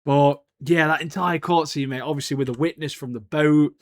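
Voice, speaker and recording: Excitable young man, slangy chatter. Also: a little high, moderate pace, no room sound. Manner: excitable, slangy, says "mate" a lot. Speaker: podcast co-host. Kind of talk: casual chat.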